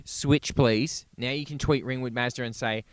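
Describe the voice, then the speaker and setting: A man's voice: medium pitch, steady tone, normal speed, dry recording. Male podcast co-host, wry and rambling, close dry mic. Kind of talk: casual comedy chat.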